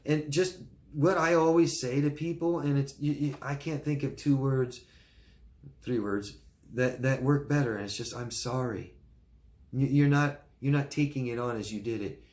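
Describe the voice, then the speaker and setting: A man's voice: mid-range voice, normal speed, darkish tone. A male life coach giving advice in a live question-and-answer talk, speaking earnestly and informally, often checking in with "right?" and restarting his words.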